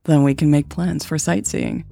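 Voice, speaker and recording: Brief: woman voicing relaxed, dry-humored woman, low and mellow, slight fry. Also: normal speed, no room sound, faint music behind. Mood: wry.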